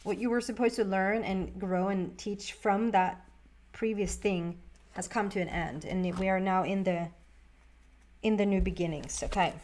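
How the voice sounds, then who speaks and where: A woman's voice: medium pitch, steady tone, a little slow, darkish tone. A woman giving a casual, rambling tarot reading to camera, often restarting her words. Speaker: tarot reader.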